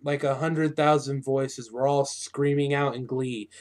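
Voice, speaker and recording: A man's voice: medium pitch, fairly even intonation, measured pace, a little mellow. A man from California co-hosting a casual cartoon review chat, full of joking, wisecracking asides. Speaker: co-host.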